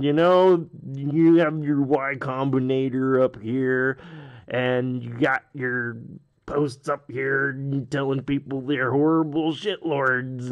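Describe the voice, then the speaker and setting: A man's voice: medium pitch, muffled recording. A man giving a sarcastic, rambling, self-mocking comedic rant on his video blog. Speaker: video blogger.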